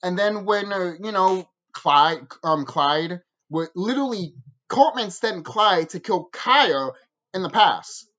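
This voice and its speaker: Woman, profane ranting vlog, swooping pitch, many ums, muffled audio. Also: slow. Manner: animated, profane ranting with many fillers and restarts. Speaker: show reviewer.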